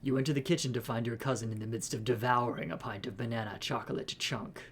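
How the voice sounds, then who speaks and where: A man's voice: medium pitch, fairly even intonation, fast talker, a bit bright. Man streaming a game, easygoing chat and narration, faint hiss behind. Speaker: streamer playing a visual novel. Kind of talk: casual chat and reading game text aloud.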